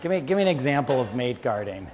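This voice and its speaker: A university lecturer, a man, teaching biology with lively stories and quick asides to the class. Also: mid-range voice. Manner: animated storyteller, quotes friends in asides. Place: lecture hall.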